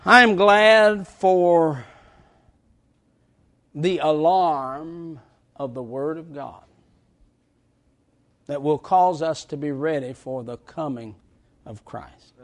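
A man preaching a sermon, swinging from shouted lines to hushed, drawn-out words, with folksy stories told through laughter. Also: high-pitched.

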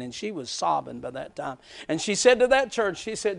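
High-voiced preacher telling stories. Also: male voice, very animated, normal speed, vocal fry, few pauses. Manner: storytelling, emotive, swells to shouts. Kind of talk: sermon.

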